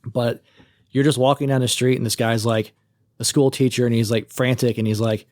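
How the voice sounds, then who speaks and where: A man chatting casually as a podcast co-host, retelling scenes with lively swearing. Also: medium pitch, a little fast, dry recording, clean studio sound. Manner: animated storytelling, acts out quoted characters, swears casually. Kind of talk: casual chat.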